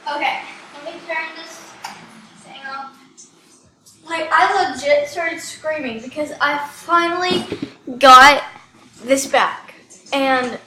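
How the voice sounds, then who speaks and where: A young woman talking through a computer game at home, excitable and giggly, filling her talk with "like". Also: high voice, slow pace, long pauses, reverberant, a little hiss or hum, low-quality recording. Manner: excitable and giggly, heavy use of "like". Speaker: game video creator. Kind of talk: casual gameplay commentary.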